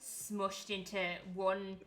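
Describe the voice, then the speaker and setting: A woman's voice: mid-range voice, completely flat delivery, slow pace. A young woman streaming a game, chatting in a rambling way and swearing freely. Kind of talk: casual chat while gaming.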